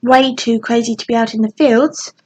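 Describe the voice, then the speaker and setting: A woman reading aloud voicing a kind, clever fairy girl who speaks sweetly and sometimes whispers, with a slightly husky, fairly high voice. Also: fairly even intonation, moderate pace, darkish tone.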